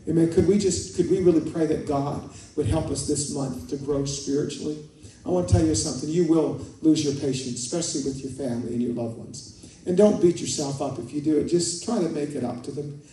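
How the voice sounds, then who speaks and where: This pastor's voice sits on the high side yet carries a dark tone. In a church sanctuary, he tells stories and calls out to the congregation in a conversational sermon that climbs into fervent prayer, recorded far away in an echoing hall.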